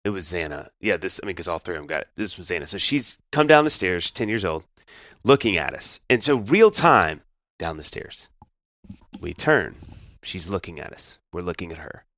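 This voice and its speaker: A man's voice: deep voice, moderate pace, dry recording. Man, podcast co-host, casual storytelling, swooping intonation, dry close sound. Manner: animated storyteller, lots of restarts. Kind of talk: casual chat.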